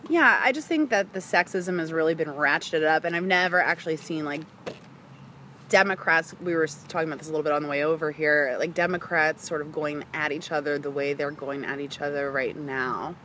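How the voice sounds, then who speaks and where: A woman speaks candidly in a relaxed podcast conversation, laughing easily. Her voice sits a bit lower than most women's. A soft hiss is audible under the recording. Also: fairly quick. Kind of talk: casual chat.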